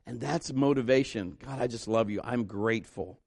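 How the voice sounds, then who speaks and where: A man's voice: medium pitch, normal speed, vocal fry, a little mellow, breathy edge, no echo, studio quality. A man preaching a fervent sermon and leading an altar call prayer, exhorting his congregation and rising to emphatic peaks. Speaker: pastor.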